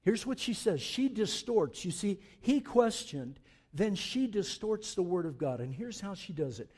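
High-voiced preaching man. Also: very animated, a little slow, slightly rough. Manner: swings from loud emphatic preaching to low asides; joking, conversational. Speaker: pastor. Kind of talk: sermon.

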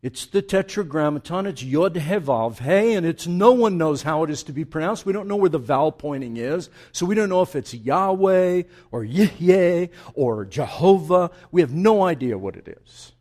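With a higher-pitched, animated voice, this preacher speaks at a normal pace with few pauses. He alternates between quiet, reflective moments and loud, emphatic build-ups, using repeated phrases to drive his message home.

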